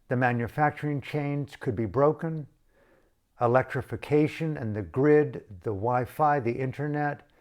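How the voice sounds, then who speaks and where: A man's voice: medium pitch, a little mellow. An older man giving an impassioned activist monologue, fervent and rhetorical, building long repeated lists. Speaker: activist speaker.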